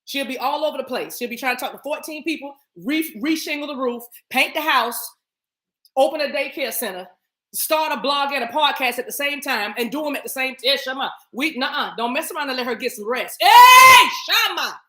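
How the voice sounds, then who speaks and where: A woman doing a spiritual reading on a live stream, talking to her viewers in a lively, playful way and breaking into tongues and snatches of song. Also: high voice, fairly quick, reverberant. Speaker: spiritual reader.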